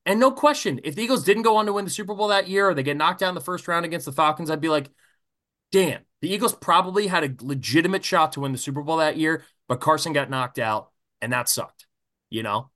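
A man's voice: fairly high pitch, fast, sharp tone. A man co-hosting a sports podcast, delivering a heated, profane rant. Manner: profane, fired-up ranting. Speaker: podcast co-host.

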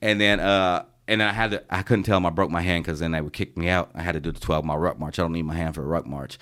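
Man, 30s, deep and low, casual podcast storyteller, swears freely, animated when he acts out the people he quotes. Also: fast talker. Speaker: podcast co-host, Army veteran. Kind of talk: casual storytelling among friends.

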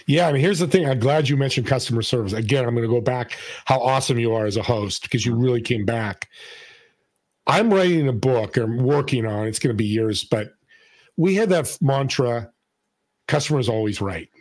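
A man telling a story in casual conversation, acting out the people he quotes with a lively delivery. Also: mid-range voice, fairly quick, dry recording. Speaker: podcast host and guest.

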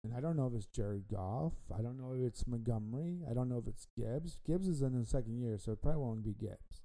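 A man's voice: mid-range voice, fairly quick, warm tone, poor audio. A man hosting a casual sports podcast, rambling and repeating himself with frequent ums. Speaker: podcast host.

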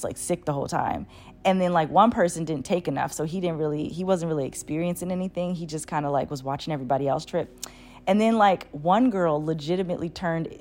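A woman with a somewhat low voice tells a rambling personal story in a relaxed, chatty way. She keeps it loose and animated, leaning on fillers and casual swearing. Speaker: channel host.

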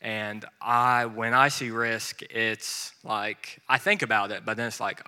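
A man who is a minister, speaking earnestly and a little haltingly in a casual church conversation. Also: on the low side, steady tone, sharp tone, clean tone, long reverb tail.

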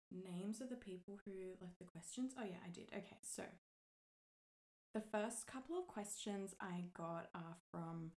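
A woman hosting her own podcast in a relaxed, chatty way, her voice husky from the morning. She swears casually and laughs often. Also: mid-range voice, unhurried, rough recording. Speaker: podcast host. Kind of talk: casual solo podcast chat.

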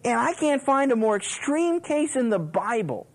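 A very high-pitched man speaks at a normal pace in a rough recording, giving a sermon on a Bible book. He talks conversationally with frequent "you know"s, acting out quotes and laughing along in lively storytelling.

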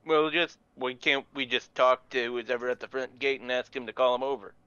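A man's voice: medium pitch, steady tone, fairly quick, bright, forceful tone, smooth, highs cut off. A man chatting casually as a player in a tabletop game, rambling and playful.

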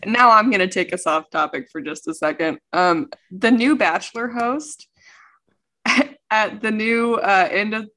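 A woman's voice: medium pitch, measured pace, bright, forceful tone. A woman co-hosting a podcast, chatting casually with wry, teasing asides. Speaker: podcast co-host. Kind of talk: casual chat.

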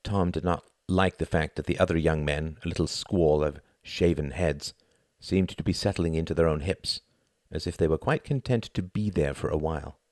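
Deep-voiced man reading a novel. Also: normal speed, a little mellow, no room sound, clean studio sound. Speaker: narrator. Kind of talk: audiobook narration.

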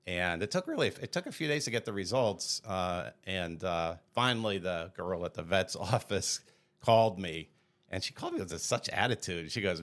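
Deep-voiced rambling male podcaster. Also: animated, normal speed, a bit bright. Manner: rambling, restarts, laughs at own stories. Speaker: podcast co-host. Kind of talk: casual comedic chat.

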